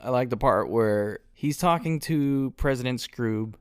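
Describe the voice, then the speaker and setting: Man, podcast co-host, relaxed casual chat, lots of fillers, dry close sound. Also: medium pitch, unhurried, smooth, dry recording. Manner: relaxed, chatty, with frequent fillers like "like" and "um".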